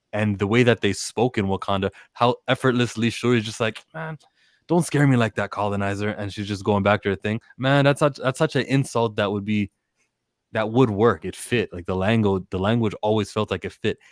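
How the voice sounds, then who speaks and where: Man, low voice, dry close mic, lively podcast guest who acts out quotes. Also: no room sound. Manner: animated, acts out quotes from scenes. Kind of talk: casual movie discussion.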